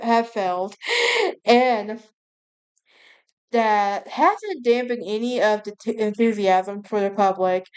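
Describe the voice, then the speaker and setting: This podcast host has a fairly high, darkish voice with a clear, resonant tone. Hosting solo and casually, she tells a meandering story, often correcting herself and laughing at how she tells it.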